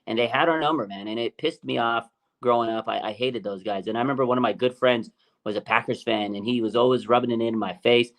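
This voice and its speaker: A man hosting a casual sports chat, telling stories in an excitable, emphatic way. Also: medium pitch, quick pace. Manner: excitable storyteller, animated and emphatic. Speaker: podcast host.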